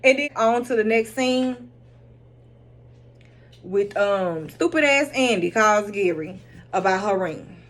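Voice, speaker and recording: A woman hosting a casual recap of a TV drama episode, animated and blunt, swearing freely and laughing often as she retells the scenes. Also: fairly high pitch.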